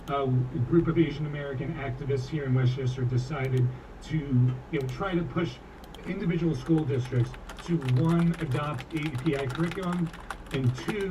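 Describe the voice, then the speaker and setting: A man serving as a county legislator giving hurried opening remarks on a video call, with many fillers. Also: fairly high pitch. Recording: distant noisy video call audio.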